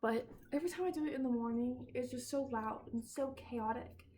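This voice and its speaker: A woman's voice: fairly high pitch, fairly quick, warm tone, slight background noise. A young woman vlogging outdoors in her backyard, rambling and giggling and often sidetracked, recorded on a phone. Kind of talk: casual chat.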